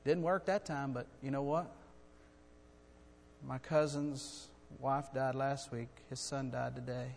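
A middle-aged man preaching a sermon in a church, earnest and building to loud, urgent storytelling. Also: mid-range voice, fairly even intonation, slow, vocal fry, a little hiss or hum. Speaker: guest preacher. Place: church sanctuary. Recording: long hall reverb.

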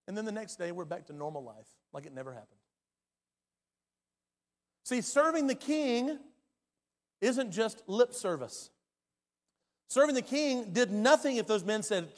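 A man preaching a sermon as pastor, his delivery swinging from loud and urgent to hushed and quiet. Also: sits high, lively intonation, normal speed, long pauses. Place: church sanctuary. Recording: long hall reverb.

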